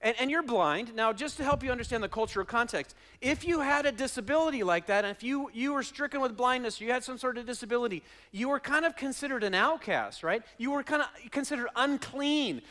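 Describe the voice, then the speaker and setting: A man preaching a sermon as pastor, dramatic, acting out quotes and swinging from loud shouting to hushed asides. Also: extremely high pitch, animated, fairly quick, hardly any pauses.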